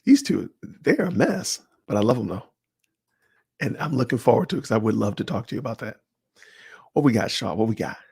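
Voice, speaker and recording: A man hosting a livestream, chatting casually and answering viewers by name in an animated, slangy way. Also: medium pitch, brisk, vocal fry, breathy edge, dry recording, clean studio sound. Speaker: livestream host. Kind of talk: casual livestream chat reading comments.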